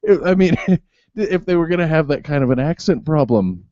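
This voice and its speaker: Giggly rambling man, lively pitch. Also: normal speed, no room sound, highs cut off. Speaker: podcast co-host. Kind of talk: casual chat.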